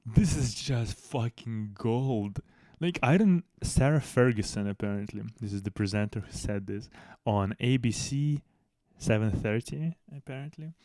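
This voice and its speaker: A man's voice: medium pitch, lively intonation, moderate pace, warm tone, dry recording, studio quality. A man hosting a news commentary channel in casual, blunt style, swearing heavily and restarting sentences, speaking English as a second language. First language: not English.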